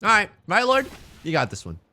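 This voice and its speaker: Lively, bright-voiced joking young man. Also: high-pitched. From China. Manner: playful, joking, animated, often drawn-out silly emphasis. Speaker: streamer. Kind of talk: casual live-stream commentary while playing mahjong.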